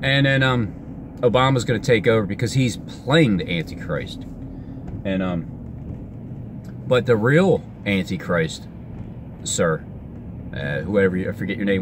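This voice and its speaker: A man vlogging outdoors in a rambling, excitable monologue, his pitch jumping all over as he talks. He keeps stopping, restarting and trailing off mid-sentence. Cars and street noise carry clearly behind him. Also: a little slow, pauses often.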